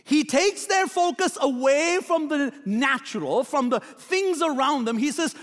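Brief: young male pastor, very high voice, energetic sermon in a reverberant hall. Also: measured pace, few pauses. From Middle East. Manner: energetic preaching, rising emphatic questions.

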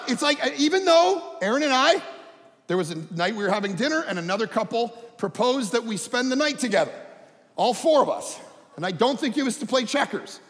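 Animated pastor, high lively voice. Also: male voice, a little fast. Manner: animated, conversational, swings from hushed to shouting. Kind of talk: sermon. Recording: echoey hall reverb.

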